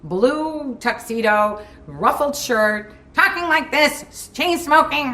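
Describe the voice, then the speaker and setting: A woman, a former sitcom cast member, recalling a shoot in a lively, animated interview story. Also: a little high, measured pace, hardly any pauses. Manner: lively, animated, acts out scenes.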